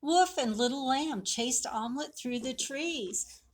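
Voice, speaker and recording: A woman reads a picture book aloud for a library storytime, taking her time over each line. Her voice sits a little high and moves along unhurried, with expressive emphasis for young listeners. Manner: slow, expressive, animated read-aloud.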